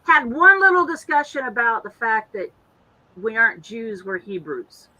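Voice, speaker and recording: Woman, co-host, bright tone, casual chat, reads comments aloud, chatty. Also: on the high side, very animated, normal speed, low-quality recording. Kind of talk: casual chat reading viewer answers.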